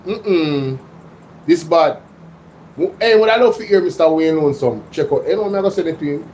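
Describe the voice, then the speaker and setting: A Jamaican man hosts a livestream and talks straight to his chat, excitable and chatty. His voice sits a little high, and he drifts in and out of patois. Faint room noise hums behind him. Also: moderate pace, low-quality recording. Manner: excitable, slips into patois, addresses chat directly. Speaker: livestream host. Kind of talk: casual livestream commentary reading chat.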